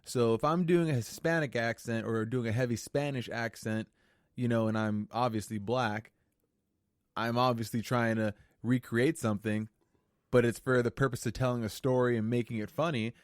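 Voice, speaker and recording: A man co-hosting a podcast in casual chat, talking haltingly with many fillers and questions. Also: mid-range voice, fairly even intonation, no echo, studio quality. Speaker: podcast co-host.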